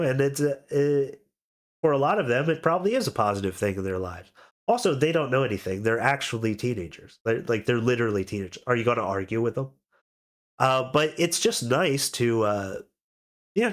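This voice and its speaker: A man on cold medicine telling a rambling story on a podcast, with lots of fillers and restarts. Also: medium pitch. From expat living abroad. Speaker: podcast co-host. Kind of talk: casual podcast chat.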